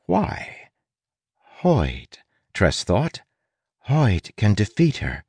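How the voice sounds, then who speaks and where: Wry, expressive male audiobook narrator. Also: fairly low pitch, no echo.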